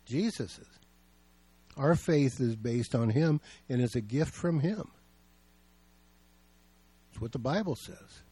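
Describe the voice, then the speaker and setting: A man's voice: on the high side, lively intonation, takes it slowly, pauses often, a little mellow, breathy edge, dry recording. A male pastor preaching a sermon, telling stories in a plain, conversational way.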